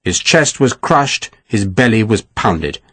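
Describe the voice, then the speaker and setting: A man narrating a novel as an audiobook in an expressive storytelling manner. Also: fairly low pitch, takes it slowly, dry recording. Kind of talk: scripted narration.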